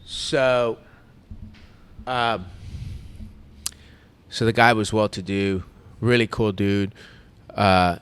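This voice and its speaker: A man, a podcast host telling a long story in casual chat, animated and rambling with restarts. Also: on the low side, drawn-out words, pauses often, smooth. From United States.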